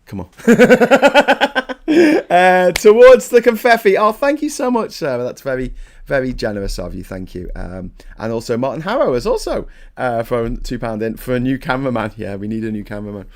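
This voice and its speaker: A man hosting a casual morning live stream, chatting, swearing freely and thanking viewers for their donations. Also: mid-range voice.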